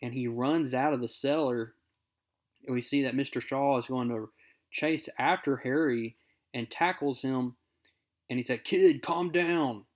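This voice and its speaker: A young man talks through a comic book issue in a relaxed, upbeat recap. His voice sits at an ordinary middle pitch, and he reads character quotes aloud as he goes. The delivery is friendly and conversational. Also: measured pace.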